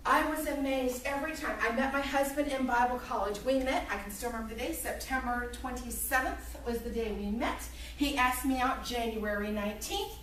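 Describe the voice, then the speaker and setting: A woman in her forties lecturing to a college class, telling a personal story in an animated way and acting out what people said. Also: fairly high pitch, fairly quick, few pauses, a little hiss or hum. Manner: lively, animated storytelling with acted-out quotes. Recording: echoey room, recorded from far off.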